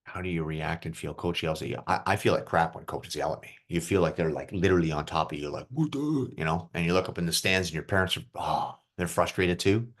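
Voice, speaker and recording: Deep-voiced and a little fast, with few pauses, a man coaches young hockey players over video. As their mental coach, he keeps the online group session easygoing and upbeat, asking the kids questions.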